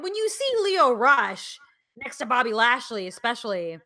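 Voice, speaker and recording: A woman's voice: on the high side, sing-song, normal speed, pushed and bright. A woman co-hosting a casual podcast chat who swears freely and laughs often. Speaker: podcast co-host.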